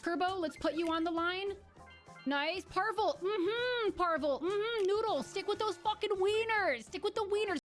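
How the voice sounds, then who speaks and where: A woman's voice: very high voice, a little slow, soft background music. A woman streaming a game live, chatting to viewers and shrieking and swearing when things go wrong. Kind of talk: live gameplay commentary.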